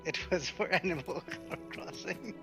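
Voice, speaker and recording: A man's voice: sits high, measured pace, music in the background. Laid-back teasing male gamer. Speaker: co-player. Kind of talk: casual chat while gaming.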